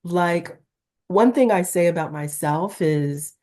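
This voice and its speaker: A middle-aged woman from Newark speaks as an interview guest. Her voice sits low and mellow, yet she has a Valley-girl-like lilt. She talks in an animated, emphatic way. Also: slow pace. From Newark, New Jersey, USA. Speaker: talent agent guest. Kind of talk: candid interview conversation.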